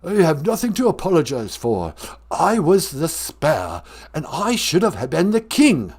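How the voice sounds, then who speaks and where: A man's voice: a little high, big pitch swings, unhurried, darkish tone, slightly rough, pitched below the performer's own voice, full character voice. A man voicing a whiny, self-pitying young English prince in a put-on English accent. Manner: plaintive, whining.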